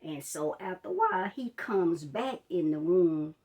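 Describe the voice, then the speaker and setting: A woman's voice: lowish voice, animated, a little slow, darkish tone. A woman telling a personal story in a storytime vlog, chatting straight to her viewers and retelling it with drama. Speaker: life coach.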